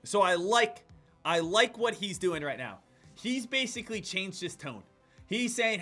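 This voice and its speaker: A man giving live day-trading commentary, excitable, jumping between loud hype and quiet muttering. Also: high-pitched, normal speed, soft background music. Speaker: day trader streaming his trades.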